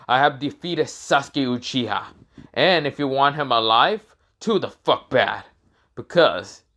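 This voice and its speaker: Guy doing a cocky young god of destruction, yelling down at everyone, pitched up and loud. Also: natural voice. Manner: taunting, shouting boasts. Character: ruthless young male god of destruction, arrogant.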